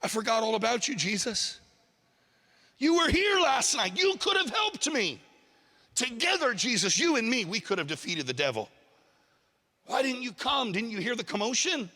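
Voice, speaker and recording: Preacher doing a desperate pleading man: high, strained, indignant, echoing hall. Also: big pitch swings, moderate pace, sharp tone, exaggerated voice. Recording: long hall reverb.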